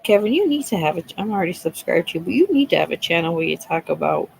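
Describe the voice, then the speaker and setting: A woman in her thirties chatting with viewers on a livestream. Her voice has a gravelly fry, and she talks loosely, swearing and laughing as she goes. A faint hiss sits under the recording. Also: on the low side, sing-song, racing, darkish tone, rough recording. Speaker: livestream host. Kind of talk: casual chat with live viewers.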